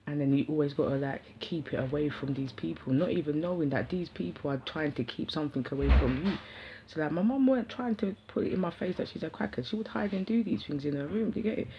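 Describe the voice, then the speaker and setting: A young woman with a London accent telling a rambling personal story to camera in slangy, animated talk. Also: sits low, a little hiss or hum. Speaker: vlogger. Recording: dull lo-fi sound.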